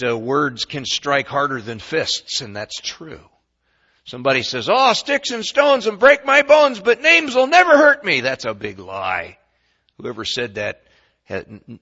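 A man preaching a sermon in a folksy storytelling way, swinging between quiet asides and loud bursts. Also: mid-range voice, husky, highs cut off.

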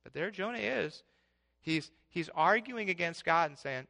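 A man preaching a sermon in an animated way, swinging between loud passages and hushed ones. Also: sits high, measured pace, gravelly.

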